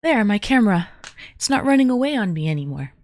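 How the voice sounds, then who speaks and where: A woman's voice: mid-range voice, big pitch swings, fast talker, a little mellow, dry recording. A woman livestreaming, greeting her chat viewers one by one in a playful, casual way.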